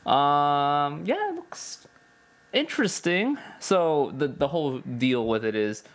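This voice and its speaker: A man's voice: on the high side, slow. Laid-back male podcast co-host. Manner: relaxed, rambling, self-correcting. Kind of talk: casual chat.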